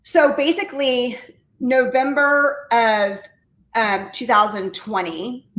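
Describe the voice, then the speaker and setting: A woman telling her story as an interview guest, a real estate agent, talking in a high-energy, enthusiastic way. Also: fairly even intonation, slow pace, a bit bright. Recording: roomy echo.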